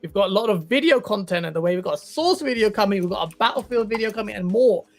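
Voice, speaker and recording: Gravelly high-voiced male stream host. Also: animated, fast talker. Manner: thanking guests, plugging the channel. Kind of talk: live stream chat.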